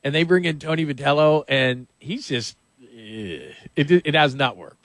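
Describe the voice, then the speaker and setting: A man's voice: on the high side, expressive, fairly bright tone, no room sound. A man hosting a sports radio show, talking loosely and laughing often in casual chat. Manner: loose, rambling, quick to laugh.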